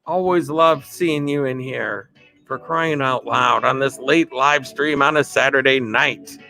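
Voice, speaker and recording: A man's voice: medium pitch, a little slow, gravelly, bright, forceful tone, faint music behind. Upbeat man hosting a live stream. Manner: upbeat, greets viewers by name, laughs often. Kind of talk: casual live stream shout-outs.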